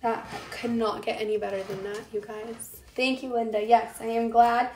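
A fairly high-voiced young woman chats her way through a cooking demo, talking straight to her viewers and answering their comments. She is getting over a lost voice. The kitchen sounds echoey, with faint noise behind her. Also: little pitch movement, moderate pace, a little mellow. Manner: chatty, talks to viewers as "you guys" and answers comments. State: recovering from a lost voice. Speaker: cooking show host. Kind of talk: chatty live cooking demonstration. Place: home kitchen.

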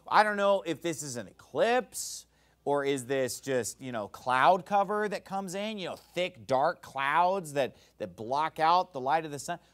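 A man preaching a Baptist sermon, emphatic and animated, now and then shouting out acted quotes. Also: fairly high pitch.

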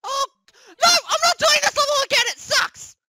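A performer voicing a whiny, easily panicked young male plush hero in a comedic puppet gaming skit. He yelps and shouts in panic. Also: extremely high pitch, slow pace, no echo, studio quality, heavily acted.

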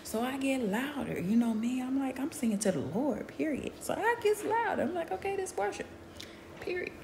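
A woman telling a story in casual chat. She talks emphatically, often ends points with "period", and swings between hushed asides and loud bursts. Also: high voice, big pitch swings, normal speed, slight background noise.

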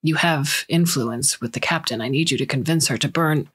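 A woman's voice: deep voice, normal speed, slightly rough. A woman reading the part of a cold, accusing male health inspector who lectures insistently.

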